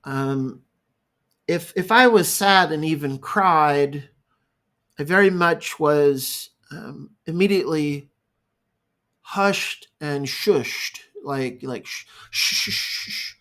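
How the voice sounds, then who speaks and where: A male therapist speaking in a reflective, halting monologue, improvising as he goes. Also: a little high, a bit bright. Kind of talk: unscripted talking-head monologue.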